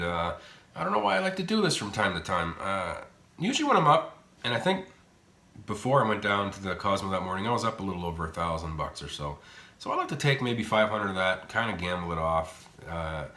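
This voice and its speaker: Guy doing slot vlog commentary, swears a lot, rambly, low-ish voice, echoey casino room. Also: sharp tone. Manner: blunt, profane and rambling. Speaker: slot machine vlogger. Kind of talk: casual gambling commentary. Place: casino high limit room.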